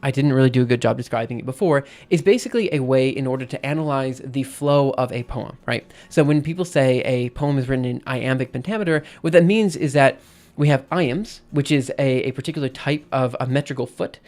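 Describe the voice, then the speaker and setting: A man's voice: mid-range voice, brisk, darkish tone. A man live-streaming in casual chat, rambling and self-interrupting, often checking in with "right?" between thoughts.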